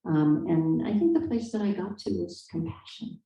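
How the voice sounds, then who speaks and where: A woman's voice: on the low side, big pitch swings, moderate pace, gravelly, dark tone. Distant, echoey woman author, thoughtful. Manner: thoughtful, hesitant, many fillers and restarts. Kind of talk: conversational interview. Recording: echoey room, distant mic.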